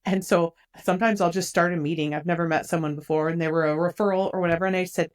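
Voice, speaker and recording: A woman with a fairly low voice hosts a podcast and chats casually. She sounds upbeat and hopeful, and she acts out the quotes in her stories. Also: fairly even intonation, quick pace. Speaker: podcast host. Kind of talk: casual conversation.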